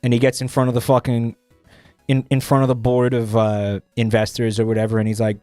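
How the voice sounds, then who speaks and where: A man's voice: medium pitch, monotone, fairly quick, dark tone, dry recording, faint music behind. A young man streaming, chatting casually while reading posts, profane and rambling with many restarts.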